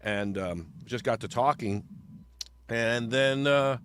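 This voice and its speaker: A man's voice: medium pitch, takes it slowly, a bit bright, clean tone, no echo. A man in his fifties, a podcast guest telling a story in a casual, rambling way with stammered repeats.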